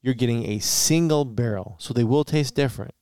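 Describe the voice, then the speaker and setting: A man from Michigan co-hosting a casual podcast chat, talking in a measured, deliberate way. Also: mid-range voice, warm tone, clear, resonant tone, dry recording, studio quality. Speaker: podcast co-host.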